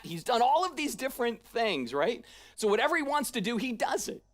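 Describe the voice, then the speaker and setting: A pastor delivers a sermon in a relaxed, chatty way, voice at a mid pitch. Paraphrased lines get a lively, casual acting-out, and the talk keeps checking in with the congregation. It sounds like it was recorded during a church service. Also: brisk. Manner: conversational, often checking in with "right?".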